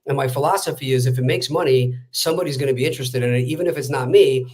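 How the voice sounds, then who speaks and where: A real estate wholesaler appears as a guest in a casual interview, telling a story rapidly and chattily with lots of fillers. His voice is mid-range with a darkish tone.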